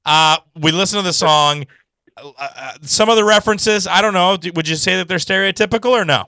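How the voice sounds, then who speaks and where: A man's voice: high-pitched, a little fast, sharp tone, no room sound. A male show host bantering with a caller in a joking, teasing way. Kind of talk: casual talk show banter.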